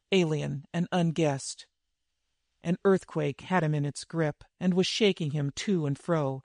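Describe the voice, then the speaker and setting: A man narrating a dramatic fantasy story in a vivid, measured reading. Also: on the high side, no room sound, studio quality. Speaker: audiobook narrator.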